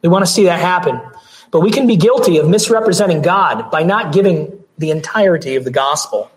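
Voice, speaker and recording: A pastor delivering a sermon, hoarse with his voice going out, earnest, with restarts and throat clearing. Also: a little high, a little fast, poor audio.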